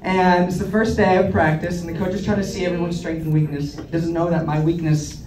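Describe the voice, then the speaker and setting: A man's voice: fairly high pitch, a little fast, background noise. A young man in his twenties telling self-deprecating stand-up stories on a comedy club stage. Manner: self-deprecating, animated storyteller. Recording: echoey club, distant, crowd laughter. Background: audience laughter.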